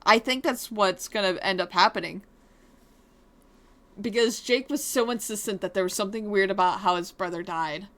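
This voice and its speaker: A woman's voice: medium pitch, normal speed, fairly bright tone. A woman giving casual, chatty commentary on a game she is playing, loose and full of fillers, with game music behind. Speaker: let's play host.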